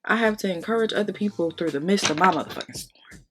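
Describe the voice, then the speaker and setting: A woman's voice: mid-range voice, fast, background noise. A young woman vlogger talking candidly during a makeup tutorial, blunt and profane, venting and close to tears. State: on the verge of tears. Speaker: beauty vlogger.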